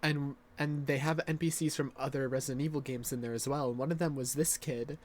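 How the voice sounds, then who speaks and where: A man's voice: medium pitch, fairly even intonation, a little fast. A man streaming a game, chatting casually, laughing at what he sees and swearing freely. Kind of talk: casual chat.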